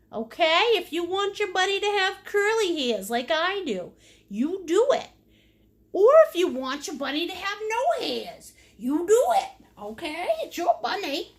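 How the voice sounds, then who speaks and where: A woman leads a live painting class in a high, lively voice that bounces up and down. She takes her time and keeps breaking into giggles. She invents silly words and chats with the people watching. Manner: chats with viewers' comments while painting. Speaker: painting instructor. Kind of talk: live-streamed painting lesson.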